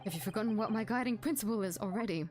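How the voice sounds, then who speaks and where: A woman's voice: mid-range voice, racing, natural voice. A woman voicing a proud, meticulous male police inspector in a game, speaking precisely.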